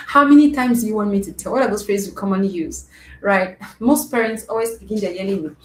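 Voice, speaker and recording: In a live-streamed talk to parents, a woman with a medium-pitched, slightly mellow voice speaks fast, coaching them earnestly. She repeats her points and keeps checking in with "right?" The room is echoey, with faint noise.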